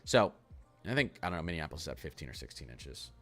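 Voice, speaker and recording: A bass-voiced man hosts a casual weather livestream, talking fast and excitedly as he chats through the model maps.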